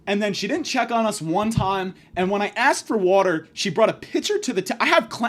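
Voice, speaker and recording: A man delivering a profane comedic rant, abrasive and insulting, swinging from yelling to muttering. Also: sits high, sing-song, unhurried. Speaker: comedic ranter.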